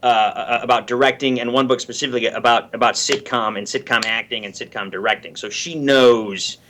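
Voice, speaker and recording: A man chatting on a podcast over a video call, halting and repeating words as he tells stories. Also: mid-range voice, fairly even intonation, noisy background. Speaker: guest actor and producer. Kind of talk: casual podcast chat.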